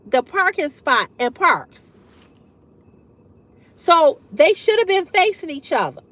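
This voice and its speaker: Woman, middle-aged, livestream host, unhurried delivery, wide pitch swings, candid, profane. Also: no room sound. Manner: animated, candid, profane, laughs often. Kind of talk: casual storytelling to live chat.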